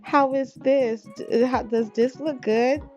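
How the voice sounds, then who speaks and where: A woman's voice: high voice, fairly even intonation, slow, darkish tone, dull audio, faint music behind, pitched above the performer's own voice. A woman voicing a nervous young pregnant model who keeps asking whether she is posing right. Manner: unsure, asks for approval.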